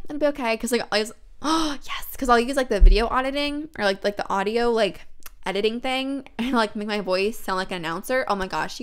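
Young woman gaming and chatting away, stuffy nose from a cold, bright crisp voice. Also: on the high side. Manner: chatty, excitable, many fillers. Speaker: let's play host. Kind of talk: casual gameplay commentary.

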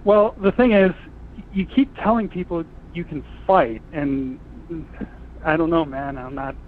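A man's voice: a little high, unhurried. A man calling in to a radio show, easygoing and teasing. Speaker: caller. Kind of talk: call-in conversation. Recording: tinny phone line with faint hiss.

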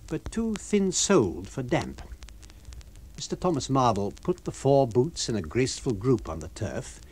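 A man reading a novel aloud for radio, with an expressive, varied storytelling delivery. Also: medium pitch, breathy edge. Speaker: reader.

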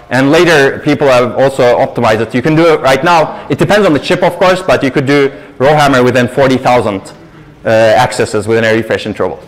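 A man's voice: medium pitch, rough recording. Man lecturing, emphatic and explanatory. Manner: explanatory, emphatic, leans on "actually". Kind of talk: university lecture with audience questions. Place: lecture hall.

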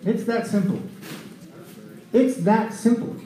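A man preaching a conversational sermon at a recovery ministry, telling scripture stories in an animated way. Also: high-pitched, slow pace, slight background noise. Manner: animated storytelling, acting out scripture scenes. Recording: echoey room.

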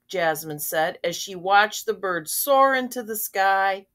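Slow, gentle grandmotherly storyteller. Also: medium pitch, expressive. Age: older. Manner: gentle, asks the listener questions. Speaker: storybook reader. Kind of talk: reading aloud to children.

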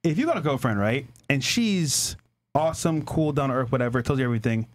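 A man's voice: mid-range voice, animated, quick pace. A man co-hosting a podcast, bantering playfully with guests. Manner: playful, laughing reactions. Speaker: podcast co-host. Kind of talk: casual banter.

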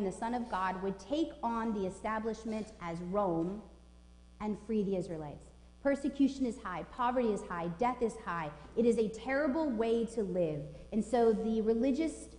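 A woman's voice: a little high, dark tone. Emphatic woman preaching in an echoing church. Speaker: pastor. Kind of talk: sermon. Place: church sanctuary. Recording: echoey church with long reverb.

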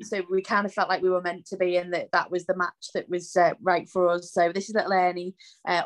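An English woman guest chatting gently, with fillers. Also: fairly low pitch. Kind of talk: casual chat.

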